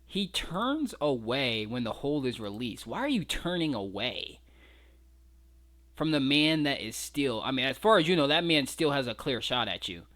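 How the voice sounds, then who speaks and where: A man's voice: mid-range voice, big pitch swings, normal speed, fairly bright tone. A man giving a casual, incredulous breakdown of fight footage, mocking and swearing freely. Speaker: wrestling commentary vlogger.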